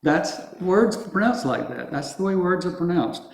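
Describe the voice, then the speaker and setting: A man teaching a group how to pronounce words, slowly and patiently, repeating each word for them to echo back. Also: high-pitched, animated, vocal fry. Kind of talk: teaching Sanskrit pronunciation to a group. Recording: very echoey room.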